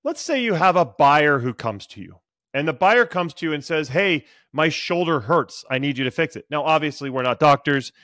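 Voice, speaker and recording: Middle-aged male sales coach, energetic podcast guest, slightly higher voice, dry close mic. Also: no room sound. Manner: energetic, animated, acts out buyers' lines. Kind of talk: podcast interview, storytelling advice.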